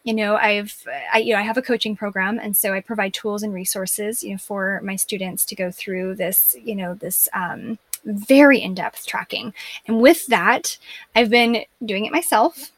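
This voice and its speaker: A woman's voice: medium pitch, fairly even intonation, moderate pace, no room sound. A woman coach talking earnestly and reflectively as an interview guest, often checking in with "right?" and "you know".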